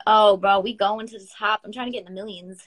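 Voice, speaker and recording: A woman's voice: medium pitch, steady tone, fast, background noise. A young woman co-hosting a casual podcast who laughs easily, swears freely and reads poetry aloud. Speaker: podcast co-host. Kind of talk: casual chat and poetry reading.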